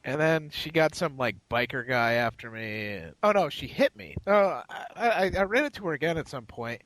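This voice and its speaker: Lively-voiced man telling a rambling story. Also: on the high side, moderate pace, dry recording, rough recording. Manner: rambling, profane anecdote-telling with quoted voices. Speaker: podcast co-host. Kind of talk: casual storytelling chat.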